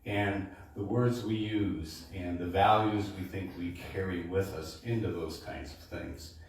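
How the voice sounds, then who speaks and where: A man, a baritone singer, casually introducing his show to a live supper club audience and often checking in with "okay?". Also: fairly even intonation, unhurried, slight background noise. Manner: chatty, keeps checking in with "okay?". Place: supper club performance room. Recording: echoey room, distant mic.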